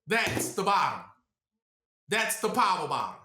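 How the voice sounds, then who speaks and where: Bright, echoey preaching man. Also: high-pitched, big pitch swings, measured pace, slight background noise. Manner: rhetorical questions, congregation fills the blank; casual, colloquial speech. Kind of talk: call-and-response teaching. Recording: echoey room.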